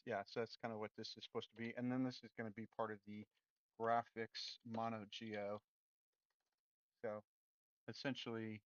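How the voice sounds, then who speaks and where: A man chatting his way through a coding stream, rambling and breaking off mid-thought before winding himself up into excited rants. His voice is bright and forceful. It sounds dry and a little dull, like a basic home mic. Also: medium pitch, dry recording. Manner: rambling and self-interrupting, turns loud and excited when ranting. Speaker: programming streamer. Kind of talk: casual livestream chat while coding.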